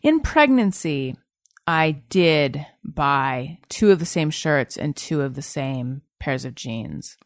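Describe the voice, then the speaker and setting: A woman's voice: low-pitched, slow, dry recording, studio quality. A woman hosting a podcast in casual chat, reading out listener questions and joking at her own expense. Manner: chatty, self-deprecating, animated. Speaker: podcast host.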